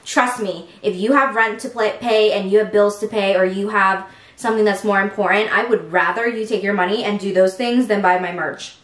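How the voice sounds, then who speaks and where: A woman's voice: mid-range voice, normal speed. Chatty young woman in an echoey room. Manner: chatty and excitable, murmurs between bites. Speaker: mukbang host. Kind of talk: casual eating-show chat.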